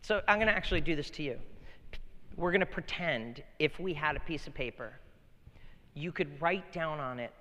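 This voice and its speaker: A man preaching a sermon with a bright, forceful voice that rings out in a large hall with long reverb. He swings between loud emphatic peaks and soft, close storytelling. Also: on the high side, expressive, normal speed. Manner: preaching, swinging from loud emphatic bursts to quiet intimate talk. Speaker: pastor.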